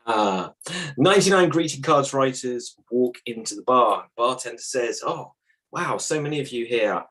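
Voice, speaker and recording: A man's voice: medium pitch, animated, moderate pace, a bit bright. Man hosting an improv joke game. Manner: laughs often, calls on players by name.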